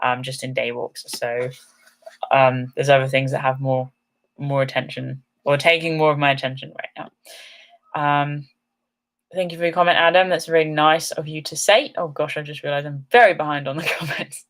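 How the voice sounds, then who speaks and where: A woman's voice: sits low, steady tone, normal speed, a bit bright. Woman host, casual live-stream Q&A, upbeat and rambling, slightly tired. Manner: chatty, upbeat, rambling with many ums. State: yawning, a little tired. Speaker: outdoor channel host. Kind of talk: live-stream chat answering comments.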